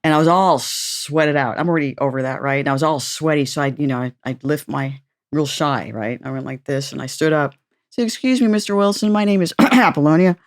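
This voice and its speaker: A woman hosting a casual interview, telling stories in an animated, laughing way and swearing freely. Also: rumbling low, brisk, no room sound, clean studio sound. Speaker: host.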